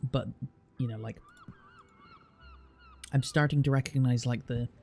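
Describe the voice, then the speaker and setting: Soft music plays behind a British streamer who chats casually with viewers, reading their comments and explaining things at length with frequent restarts. His mid-range voice is a little mellow, a little slow, and fairly even in intonation.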